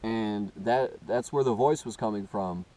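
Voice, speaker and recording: A man earnestly telling a first-person story, halting and often restarting as he searches for words. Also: on the low side, mellow, low-quality recording. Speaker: personal testimony speaker.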